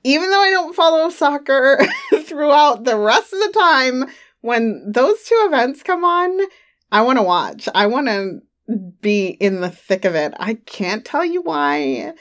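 A woman's voice: fairly high pitch, sing-song, a little slow, fairly bright tone. A woman giving a casual monthly update to her listeners, chatty and giggly, on a home microphone, with a slightly runny nose. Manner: chatty and giggly, trailing off with fillers. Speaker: adult audio creator. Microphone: studio microphone at home.

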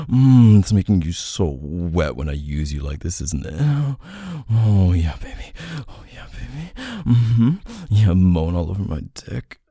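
A man performing an intimate adult audio role-play in a dominant, teasing way, with soft moans and whispered asides. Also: low voice, lively intonation, unhurried, no echo, studio quality.

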